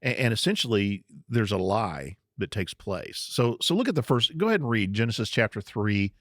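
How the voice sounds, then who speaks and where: A man's voice: on the low side, very animated, normal speed, a bit bright, no room sound, studio quality. A man co-hosting a podcast, teaching on the Bible in casual chat, explaining step by step and laughing easily. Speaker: podcast co-host.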